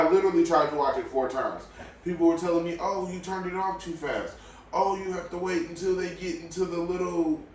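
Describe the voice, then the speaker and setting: A man hosting a podcast, talking casually in a blunt, opinionated way that swings between low mutters and loud outbursts. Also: slight background noise. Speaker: podcast host. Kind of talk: casual solo podcast rant. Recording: very echoey room, mic at a distance.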